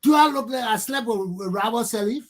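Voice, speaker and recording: A man from Liberia rants on his talk show, firing off angry rhetorical questions and cursing as he circles back to the same points. His husky voice swings from low muttering to shouted bursts. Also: fairly quick. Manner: angry, profane, repeating himself, rhetorical questions. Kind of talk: heated talk show rant.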